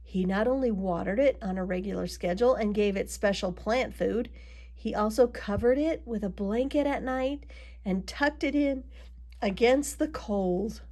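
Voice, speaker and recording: A woman reading a children's picture book aloud, adding gentle asides to her young listeners. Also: medium pitch, moderate pace. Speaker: storybook reader.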